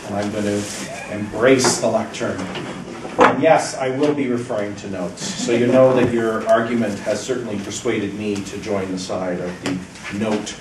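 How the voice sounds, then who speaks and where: A man giving an encouraging, measured evaluation of a speech at a club meeting, pausing deliberately between points. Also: fairly low pitch. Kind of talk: prepared feedback speech. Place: meeting room, speaking at a lectern. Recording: roomy, distant, faint background hiss.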